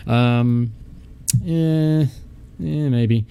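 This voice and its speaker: Mellow-voiced man muttering through a game. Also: lowish voice, normal speed. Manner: chatty, thinks aloud, mutters and swears casually. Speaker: gaming channel host. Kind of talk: casual let's-play commentary.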